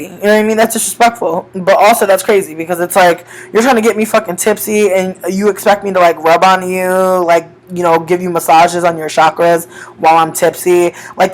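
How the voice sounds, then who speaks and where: A woman's voice: medium pitch, rough recording. A young woman tells stories from reading tarot on the street in a loose, casual vlog. She swears freely and slips into each person's lines as she retells them, playing both sides of the exchange. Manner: profane, animated, acts out both sides of conversations.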